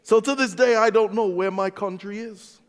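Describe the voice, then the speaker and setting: A man with an English accent preaching a sermon as a pastor, telling stories in an animated way and acting out the dialogue. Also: high voice, moderate pace, clear, resonant tone. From England. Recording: long reverb of a large hall.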